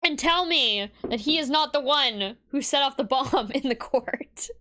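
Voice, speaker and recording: A woman's voice: sits high, expressive, a little slow. A woman streamer commenting live on a game, sarcastic and swearing, often laughing. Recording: loud game music behind.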